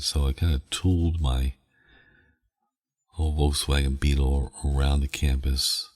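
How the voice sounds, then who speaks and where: A man's voice: extremely low pitch, steady tone, unhurried, a little mellow, long reverb tail. A man hosting a sleep podcast, telling a story in a meandering way with chuckles. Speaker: podcast host.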